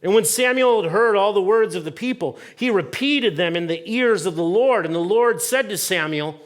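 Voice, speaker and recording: A male pastor preaching in a church, with a fairly high voice that swings widely in pitch. He talks conversationally, uses fillers, and asks the congregation questions. He acts out the voices in the Bible story as he goes. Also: moderate pace, hardly any pauses. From United States. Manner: animated, acts out voices of people and God in quotes. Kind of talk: sermon. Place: church sanctuary.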